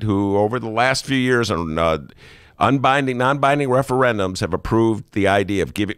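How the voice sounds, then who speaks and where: A man's voice: mid-range voice, fairly bright tone, no echo, studio quality. A middle-aged man hosting a casual political show, wry and sarcastic with rambling asides. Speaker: podcast host.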